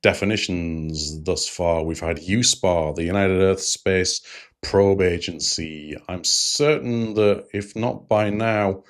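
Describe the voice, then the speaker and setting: A man's voice: low voice, takes it slowly. A man hosting a review channel, recapping an episode in a rambling, digressive way with frequent fillers.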